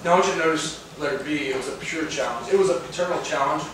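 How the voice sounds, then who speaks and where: There's noisy background in this far-off recording from an echoey church sanctuary, where a male pastor talks fast in a voice on the high side. His sermon is emphatic, and he often questions the congregation.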